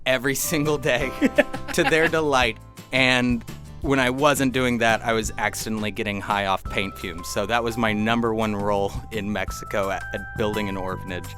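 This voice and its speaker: A man co-hosting a podcast, telling a story about himself in a halting, self-deprecating way. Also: lowish voice, fairly even intonation, music in the background. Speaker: podcast co-host. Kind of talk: casual storytelling.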